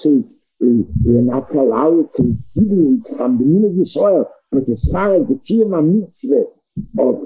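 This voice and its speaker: A man's voice: on the high side, breathy edge, dull audio. A man teaching a Talmud lesson, thinking aloud, repeating words and restarting phrases as he works through the argument. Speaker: Torah teacher. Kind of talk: Talmud lecture.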